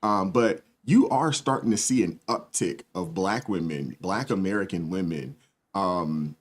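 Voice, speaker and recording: A man hosting a live stream, casually reading viewer comments aloud and chatting in a relaxed, agreeable way. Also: low voice, a little slow. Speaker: host.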